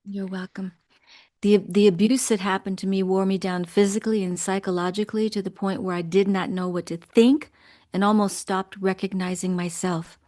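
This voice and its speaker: A woman in her sixties, a guest in an interview, telling her own story in an earnest, measured way. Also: mid-range voice, little pitch movement, mellow. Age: 60s. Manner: earnest, measured, emotional at times. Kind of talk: interview, personal account.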